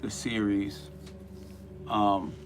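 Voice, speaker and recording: A man with a fairly low voice talks through spiritual ideas in a casual, halting way, stopping and restarting his sentences. Music plays clearly behind him. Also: flat delivery. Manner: rambling, halting delivery with many restarts and fillers. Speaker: co-host of a spirituality show.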